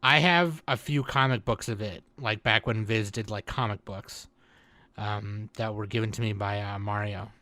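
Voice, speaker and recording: A man's voice: lowish voice, steady tone, normal speed, pushed and bright, no room sound. A man hosting a podcast in casual chat, joking and laid-back. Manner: joking, laid-back, says dude a lot. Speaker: podcast host.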